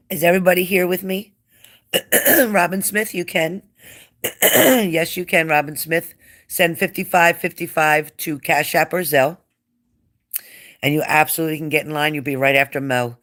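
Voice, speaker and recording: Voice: medium pitch, fairly even intonation, moderate pace, pauses often, a bit bright. A psychic reader hosting a casual live stream who talks straight to viewers by name, repeats phrases and gets emotional and fervent.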